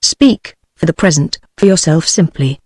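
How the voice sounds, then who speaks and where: A synthetic British woman's voice reading the lines of an earnest, learned older woman in an audiobook, with an even, measured delivery. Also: low voice, dry recording, studio quality. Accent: British English.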